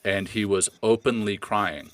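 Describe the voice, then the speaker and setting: Deep-voiced earnest man on a podcast. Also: a bit bright, dry recording. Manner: earnest, passionate, halting with repeated restarts. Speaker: podcast co-host. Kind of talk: casual podcast discussion.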